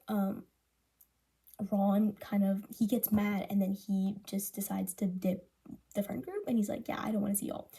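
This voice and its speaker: Teen girl, student vlogger, casual book-project talk; very dark, husky tone. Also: medium pitch. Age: teens. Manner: chatty, filler-heavy, breaks off to read passages aloud. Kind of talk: casual spoken book review.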